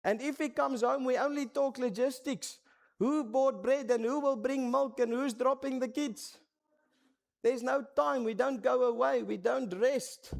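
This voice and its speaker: Man doing a tearful wife, pleading, higher voice, Namibian accent. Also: a little slow, gravelly, heavily acted. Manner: quoted in a raised, pleading tone.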